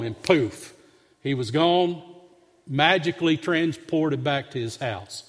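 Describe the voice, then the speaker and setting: Slow-paced preaching man in reverberant sanctuary. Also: on the high side. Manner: storytelling with humor, earnest. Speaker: pastor. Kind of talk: sermon. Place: church sanctuary. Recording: long hall reverb.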